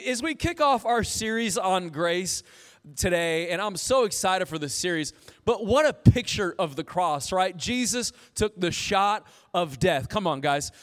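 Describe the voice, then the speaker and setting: A man in his thirties preaching a sermon as pastor, telling stories in an animated way and quoting himself. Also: high-pitched. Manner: animated, storytelling with self-quotes. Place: church auditorium. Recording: long reverb of a large hall.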